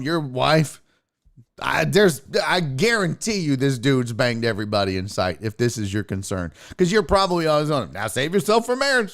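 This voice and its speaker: A young man hosting a podcast, telling a story casually, swearing and laughing often. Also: on the high side. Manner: profane, animated, laughs often. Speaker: podcast host.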